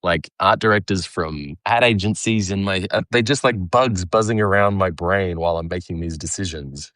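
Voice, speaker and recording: Deep-voiced Australian man, dry sound. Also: fairly bright tone, no room sound. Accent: Australian, partly Americanized. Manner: halting, many fillers and restarts, laughs often. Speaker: cartoonist guest. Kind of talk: casual conversation while drawing.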